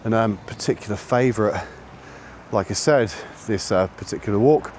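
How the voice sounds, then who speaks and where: A man vlogging a dog walk, chatting casually and snapping out high, sharp commands to his puppy. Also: normal speed, slight background noise. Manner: sharp high-pitched commands to a dog between relaxed chat. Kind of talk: casual narration while walking a dog. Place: outdoors on a woodland and road walk.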